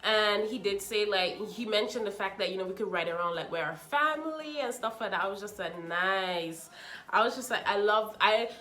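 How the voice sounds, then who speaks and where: A young woman chatting casually as she reviews a reality show, sassy and animated, acting out what people said with mocking asides. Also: medium pitch, normal speed, reverberant.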